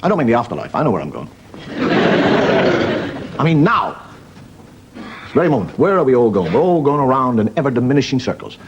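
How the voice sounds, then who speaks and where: A man's voice: medium pitch, sing-song, a little fast, pauses often, highs cut off, background noise. A man, a wry comedian telling jokes and stories. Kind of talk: stand-up storytelling.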